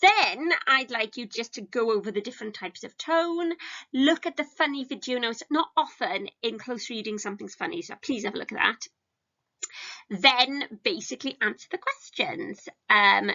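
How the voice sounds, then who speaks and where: Woman, English teacher, chatty, self-deprecating, highish voice, muffled lo-fi recording. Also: lively intonation, normal speed, pushed and bright. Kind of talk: recorded lesson for students. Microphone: home recording for a video lesson.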